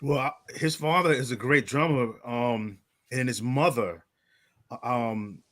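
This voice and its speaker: A man's voice: medium pitch, a little slow, fairly bright tone. A man co-hosting a podcast, chatting casually, stammering a little and then praising with emphasis. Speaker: podcast co-host. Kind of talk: casual chat.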